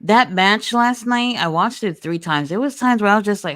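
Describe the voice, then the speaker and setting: Smooth-voiced woman host, dry close sound. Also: medium pitch, normal speed, no echo. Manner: animated, blunt, swears freely. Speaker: podcast host. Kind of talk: casual wrestling chat.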